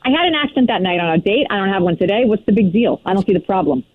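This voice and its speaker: A woman's voice: mid-range voice, lively intonation, very fast, no echo. A woman on a phone-in call lays on a thick put-on New York accent, brash and breezy, with plenty of fillers. Her voice comes through a tinny, narrow phone line, dry with no room sound. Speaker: caller. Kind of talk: phone-in radio chat.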